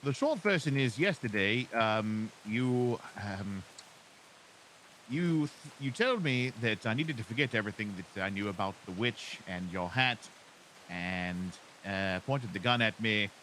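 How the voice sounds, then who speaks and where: A man's voice: on the low side, expressive, measured pace, fairly bright tone, a little hiss or hum. A man speaking in character in a roleplay, polite and hesitant, often stammering and restarting. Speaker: roleplay player as an instructor character.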